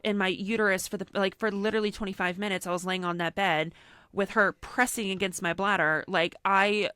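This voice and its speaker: A young woman with a bright, forceful voice tells a story in casual podcast chat, slipping into quoted voices as she goes. Her sound is dry and close, with no room around it. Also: mid-range voice, fairly quick, smooth, no echo. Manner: animated storyteller acting out quotes, frequent "like". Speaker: podcast co-host.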